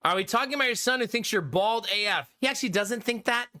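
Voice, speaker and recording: A man's voice: extremely high pitch, fast, pushed and bright. A man in his thirties, a live streamer chatting casually and jokingly with his viewers, often breaking into giggles. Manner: giggly, joking, talks to chat.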